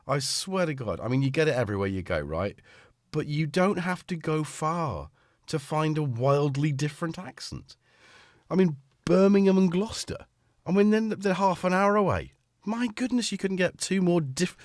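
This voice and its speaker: A man's voice: fairly high pitch, dry recording. A man with a Liverpool-tinged British accent, full of cold, chatting and rambling on a casual live stream from his home studio. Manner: chatty, rambling, self-mocking. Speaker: livestream host.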